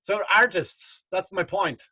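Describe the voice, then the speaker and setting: A man's voice: sits high, unhurried, sharp tone, husky. A male comedian co-hosting a podcast from a basement home studio, ranting in casual, profane chat.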